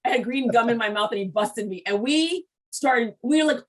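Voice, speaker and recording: A woman hosting an interview show, chatty and frank, quick to laugh. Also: on the high side, expressive, low-quality recording. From Haitian background. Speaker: podcast host. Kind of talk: casual interview chat.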